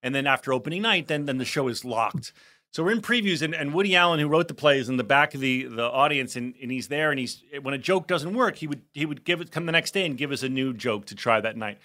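Man, bright tone, chatty podcast co-host, rambling anecdotes. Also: mid-range voice, lively intonation, fast talker. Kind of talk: casual chat.

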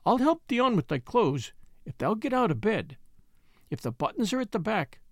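A woman's voice: mid-range voice, big pitch swings, moderate pace, dry recording, studio quality, voice pushed up. A woman voicing a kind, plainspoken young maid who talks in broad Yorkshire dialect. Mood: friendly. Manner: broad dialect, earnest and chatty.

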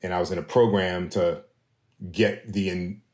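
A man hosting a conversational podcast interview, relaxed and dotted with fillers. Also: sits low, normal speed, roomy sound. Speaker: podcast host.

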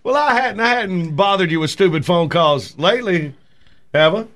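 Playful high-voiced radio co-host man. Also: expressive, normal speed, heavy background noise. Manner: playful, defensive, laughing often. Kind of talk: casual morning radio banter.

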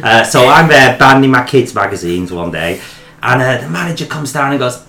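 Guy rambling through a funny story, bright voice, echoey room. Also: medium pitch, expressive, moderate pace. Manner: rambling, joking, stop-start. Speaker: podcast co-host. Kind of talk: casual chat, storytelling.

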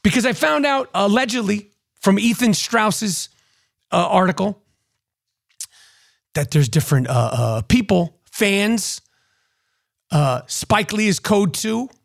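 A man's voice: high-pitched, expressive, slow pace, creaky, pauses often. A man and podcast host ranting to camera, crude and mocking, often repeating himself. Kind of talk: profane ranting monologue to camera.

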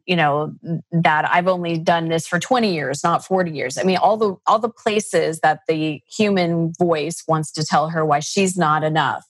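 A woman's voice: lowish voice, no echo. A woman coach answering interview questions, telling stories about clients and acting out their dialogue. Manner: storytelling, acts out client dialogue.

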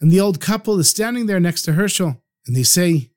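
A man narrating a traditional religious story in an animated, vivid way. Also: high voice, fairly quick.

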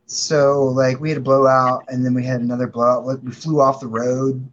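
A man guest on a talk show, telling a story in a halting, stammering way. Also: medium pitch, little pitch movement, muffled recording. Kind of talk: casual chat.

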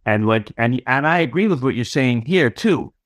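A man's voice: mid-range voice, animated, normal speed, no echo, studio quality. A man as a guest on a casual podcast, offering opinions carefully with hedges and restarts.

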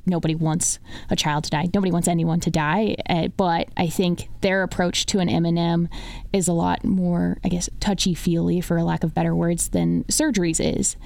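A woman's voice: lowish voice, level tone, normal speed, gravelly, darkish tone, no room sound. A young woman, a medical student co-hosting a podcast, talking casually and rambling with lots of filler words. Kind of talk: casual chat.

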